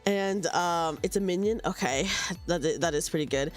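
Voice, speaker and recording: A woman's voice: fairly low pitch, moderate pace, faint music behind. A young woman live-streaming a game, chatting casually and giggly with her viewers. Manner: chatty, giggly, talks to chat with many restarts. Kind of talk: casual live-stream chat while playing.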